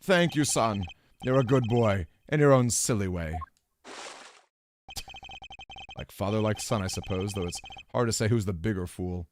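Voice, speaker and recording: A man's voice: on the low side, normal speed, darkish tone, slight background noise, voice pushed down, lightly acted. A man voicing a sentimental old former chief prosecutor who talks in a tearful, fatherly, theatrical way, reading game dialogue aloud. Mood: genial. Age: older.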